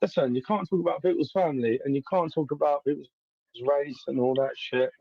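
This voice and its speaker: A man's voice: fairly high pitch, a little fast, dry recording, highs cut off. A man from North London with a London accent, calling into a live stream and talking in a swaggering, sweary way. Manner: swaggering, sweary, laughs a lot. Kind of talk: brash live-stream chat.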